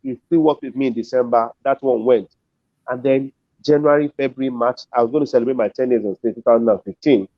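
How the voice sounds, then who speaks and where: A man's voice: mid-range voice, fast talker, dry recording. A middle-aged Nigerian man, a comedian and compere, telling a story as an interview guest and acting out the voices of the people in it. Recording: dull dry lo-fi audio.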